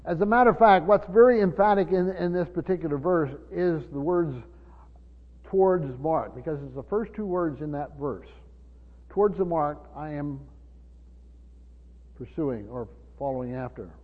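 A man's voice: a little high, normal speed. A man preaching a Bible-teaching sermon, stumbling over repeated words and asking the congregation questions. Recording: dull hall recording with reverb.

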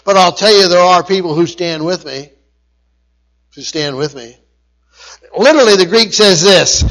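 A man's voice: high-pitched, normal speed, a bit bright, low-quality recording. A man preaching a sermon, repeating key phrases for emphasis and often restarting his sentences. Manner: emphatic repetition, frequent restarts and stumbles.

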